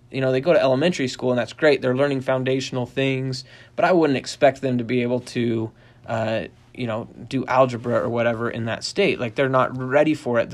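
Animated middle-aged man explaining dog training. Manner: animated storyteller, acts out quoted voices in a high pitch; rambling with frequent restarts and fillers. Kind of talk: casual instructional talk.

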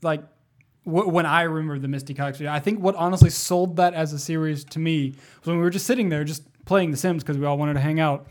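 A young man co-hosting a casual group podcast, telling animated stories and swearing freely. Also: on the high side, quick pace. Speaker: podcast co-host.

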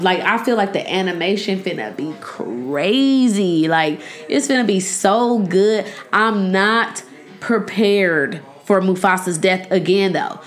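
A young woman hosting a podcast in a casual, joking chat style, loud and animated. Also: mid-range voice. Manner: loud, joking and animated, talks back to the screen. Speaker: podcast host. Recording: echoey room.

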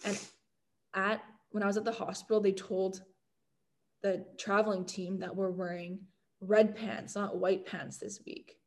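A young woman from Canada telling stories in a casual interview, chatty and animated, full of "like" fillers and laughter. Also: mid-range voice, measured pace. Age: young adult. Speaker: guest, college football kicker.

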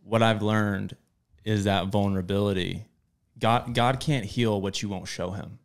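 Young dude, low gravelly voice, super casual, says bro a lot, faith podcast vibe. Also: male voice, fairly even intonation, unhurried. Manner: casual, enthusiastic, calls people bro. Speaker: podcast co-host. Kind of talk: candid faith podcast chat.

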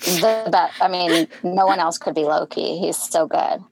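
A woman co-hosts a casual movie podcast, adding short dry quips and agreement. Her voice is slightly low for a woman. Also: steady tone, measured pace, creaky, a little mellow, low-quality recording. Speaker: podcast co-host.

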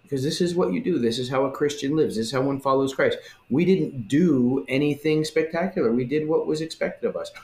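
A man in a casual religious discussion who talks in an animated way and acts out the voices he quotes. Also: medium pitch, brisk, few pauses. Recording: roomy echo.

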